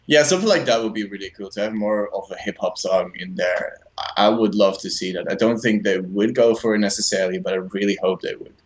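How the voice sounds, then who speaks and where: Brief: male co-host, lowish voice, relaxed casual chat. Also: fast talker, low-quality recording. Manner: easygoing, laughs often. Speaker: live stream co-host.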